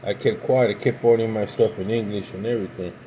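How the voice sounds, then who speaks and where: A middle-aged American man casually telling a rambling story about his past, halting and restarting often. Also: on the low side, fairly even intonation, warm tone, lo-fi sound, slight background noise. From United States. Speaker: pipe-smoking vlogger.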